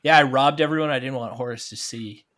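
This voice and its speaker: A man's voice: medium pitch, fast talker, a bit bright. A man at a tabletop game table, speaking in a mid-range voice with a playful, joking manner. He laughs easily and banters with the group. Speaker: player. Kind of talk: casual tabletop game play.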